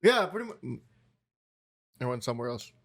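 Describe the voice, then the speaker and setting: A man's voice: medium pitch, big pitch swings, creaky, fairly bright tone. A man co-hosting a casual podcast, bantering, laughing often and swearing. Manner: joking, quick to laugh, profane banter. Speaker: podcast co-host.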